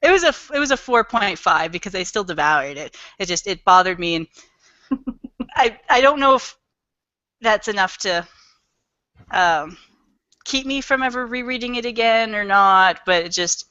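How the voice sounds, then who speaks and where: A woman's voice: medium pitch, lively intonation, normal speed, long pauses, bright, forceful tone, no room sound, dull audio. A woman in a book club chatting eagerly about a novel, laughing often and acting out lines as she retells them. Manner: enthusiastic, giggly, acts out voices when retelling. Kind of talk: casual chat.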